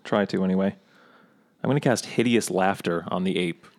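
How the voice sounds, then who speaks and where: A man's voice: low voice, moderate pace, very noisy. A man playing a tabletop game, joking and reading spell rules aloud. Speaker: player. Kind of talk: casual tabletop game play.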